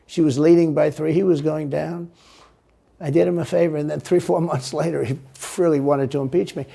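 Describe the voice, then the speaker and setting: A man's voice: fairly high pitch, steady tone, a little fast, gravelly, mellow. A man answering interview questions in a rambling, repetitive and emphatic way. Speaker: interview guest.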